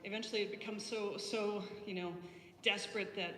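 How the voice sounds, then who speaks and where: A woman's voice: mid-range voice, steady tone, normal speed, a bit bright. A woman preacher giving a conversational sermon, telling the story with frequent ums and restarts. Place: church. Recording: echoey hall, voice from a distance.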